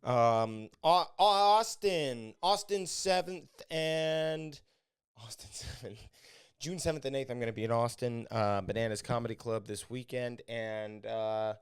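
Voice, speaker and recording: A man's voice: on the low side, clean tone, no room sound, clean studio sound. A man hosting his own podcast, rambling crudely and mocking himself between voicemails. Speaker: podcast host and comedian. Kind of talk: casual podcast monologue. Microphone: studio podcast mic.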